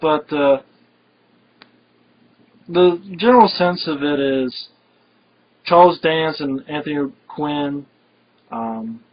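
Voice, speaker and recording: A film reviewer with a medium-pitched voice chats casually and enthusiastically about an action movie he loves, rambling with lots of fillers. The recording is dull and lo-fi, with slight background noise.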